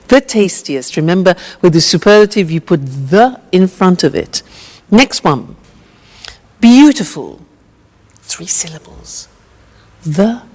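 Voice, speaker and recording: A woman teaching English grammar with a slow, clear drill, patient and encouraging. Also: mid-range voice, darkish tone, long reverb tail.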